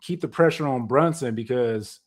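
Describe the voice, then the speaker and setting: A man's voice: mid-range voice, moderate pace. A man co-hosting a sports podcast, breaking down basketball strategy and arguing his point at length in casual chat. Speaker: podcast co-host.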